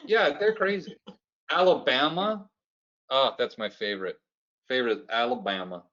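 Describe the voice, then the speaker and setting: A comedian from Canada, a man telling stories in an animated, joking way during a casual interview over a video call. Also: medium pitch, moderate pace, pauses often, muffled recording. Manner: animated, jokey storyteller.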